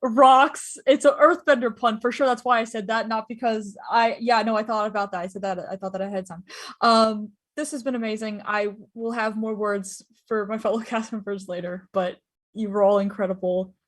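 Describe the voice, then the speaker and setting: Excited, rambling woman player. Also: medium pitch, brisk. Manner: excited and rambling, with jokes and swearing. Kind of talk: casual closing thanks on a live stream.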